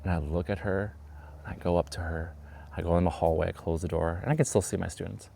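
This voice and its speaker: Guy with a deep gravelly voice telling a classroom story, acts out bits. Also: fast talker, dark tone, a little hiss or hum. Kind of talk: storytime vlog.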